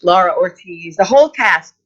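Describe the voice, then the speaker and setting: A woman in her fifties, an actress guest telling excited stories in a casual interview. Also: lowish voice, normal speed, breathy edge. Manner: excited, gushing storyteller. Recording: slightly muffled audio.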